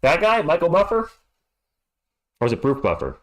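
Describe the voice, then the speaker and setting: Animated middle-aged man calling a game. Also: on the high side, moderate pace. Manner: animated, jokey, chatty. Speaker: play-by-play streamer host. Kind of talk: live play-by-play commentary and banter.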